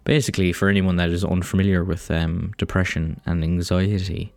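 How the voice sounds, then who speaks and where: Irish male podcast host, deep-pitched, meandering and foul-mouthed, self-mocking delivery. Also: level tone, fairly quick, darkish tone, no echo. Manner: rambling, profane, self-deprecating. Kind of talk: casual solo podcast monologue.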